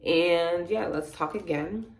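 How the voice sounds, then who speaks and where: A young woman giving a casual, slangy wellness talk that turns into a soft guided meditation, recorded indoors at home. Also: on the low side, slow pace, echoey room, slight background noise. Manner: relaxed, slangy, soft-spoken, drifts into near-whisper. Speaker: wellness vlogger.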